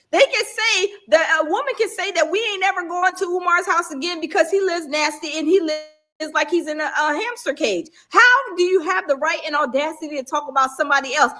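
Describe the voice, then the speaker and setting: A woman co-hosting a casual reaction show, animated and speaking straight to the audience. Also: very high voice, normal speed. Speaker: co-host.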